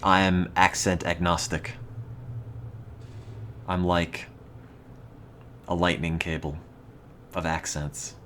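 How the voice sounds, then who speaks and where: A young man with an East Coast American accent and a very low voice talks on a casual game stream. His delivery is dry and mock-serious as he rambles. Faint keyboard typing sits in the background. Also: little pitch movement, takes it slowly, long pauses, fairly bright tone, slight background noise. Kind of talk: casual gaming stream chat.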